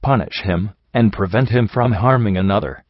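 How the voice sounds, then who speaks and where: Low-voiced man reading a grim story. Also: normal speed, no echo. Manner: grim, intense, dramatic reading. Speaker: audiobook narrator. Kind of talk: first-person story narration. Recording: dry, dull lo-fi recording.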